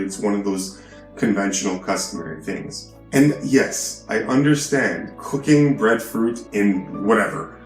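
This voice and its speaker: Man, low voice, emphatic lecturing vlog, echoey hotel room, faint music. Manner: emphatic, lecturing, asks "right?". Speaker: video host. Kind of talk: preachy vlog monologue.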